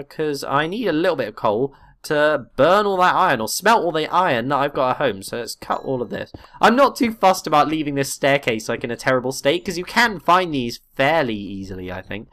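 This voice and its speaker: Dude doing game commentary, jumpy lively voice, swears a lot. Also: male voice, on the high side. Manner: excitable, swears, exclaims and laughs often. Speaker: let's play gamer. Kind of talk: gameplay commentary.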